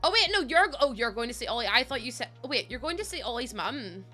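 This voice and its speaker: A bright-toned young Northern Irish woman talks to her live-stream viewers as she plays. Her voice sits on the higher side, and she giggles and gushes, close to tears with thanks. Soft music plays faintly behind her. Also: big pitch swings, fast talker. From Northern Ireland. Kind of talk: live-stream chat with viewers while playing.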